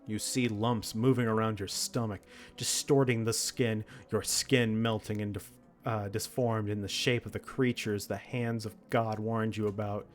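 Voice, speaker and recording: A man's voice: fairly low pitch, fairly even intonation, measured pace. A man reading a text horror game aloud, with dramatic narration broken by laughs and reactions. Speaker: game streamer.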